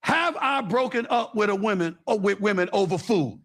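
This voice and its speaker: A man with a high voice talks on a panel show. His pitch swings widely as he leans hard on his points, repeating words for emphasis. His delivery is casual and forceful. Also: moderate pace. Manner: emphatic, animated, repeats himself for effect.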